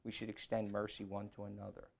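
A middle-aged man preaching a sermon, shifting from quiet talk to loud scripture reading. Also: fairly low pitch, level tone, fast talker, creaky.

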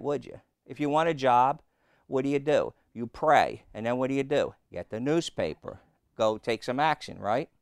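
A man's voice: medium pitch, clear, resonant tone, dry recording, clean studio sound. A man preaching a conversational sermon in a plainspoken, folksy way, often turning to the listeners with rhetorical questions.

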